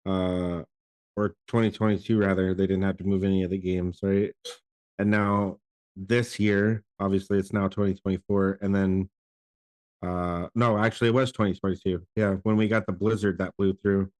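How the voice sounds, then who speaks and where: A man's voice: low-pitched, flat delivery, normal speed, a little mellow. Loose, cursing man host. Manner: loose, swears freely, rambling restarts. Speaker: live show host. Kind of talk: casual chat.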